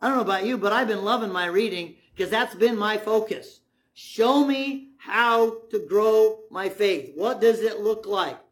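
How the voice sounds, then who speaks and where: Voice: medium pitch, measured pace. A preacher delivering a conversational sermon, asking the congregation questions and retelling stories in a casual way.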